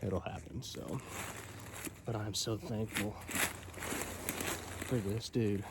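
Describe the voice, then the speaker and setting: A man filming on his phone outdoors in the woods, out of breath, talking in a hushed, awed way with soft exclamations. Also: on the low side, steady tone, slow pace, very noisy. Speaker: bow hunter filming his hunt. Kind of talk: casual outdoor vlog talk. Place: outdoors in wooded logging country.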